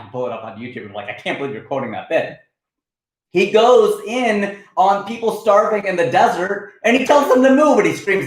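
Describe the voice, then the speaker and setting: A man's voice: sits high, heavy reverb, poor audio. A man from Ohio hosting a comedy livestream, arguing animatedly and answering chat comments. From United States, Ohio. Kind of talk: casual livestream rant.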